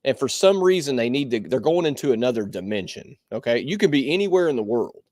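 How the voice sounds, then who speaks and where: Lively swearing podcast co-host, a man. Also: medium pitch, fast talker, no room sound. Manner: animated, laughing, swearing freely. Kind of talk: casual chat.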